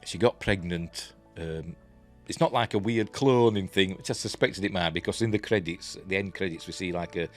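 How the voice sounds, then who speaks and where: A man with a Yorkshire accent and a low, deep voice talks through a TV episode at an easy ramble. He keeps reaching for "you know" and "um" between thoughts. Faint music plays quietly behind him. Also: normal speed, hardly any pauses. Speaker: TV episode reviewer. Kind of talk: casual spoken review.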